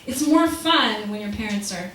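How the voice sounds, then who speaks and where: A woman's voice: medium pitch, expressive, normal speed. A young woman doing a chatty, self-deprecating stand-up set in a small comedy club, with the audience laughing. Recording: echoey club from far off, audience noise.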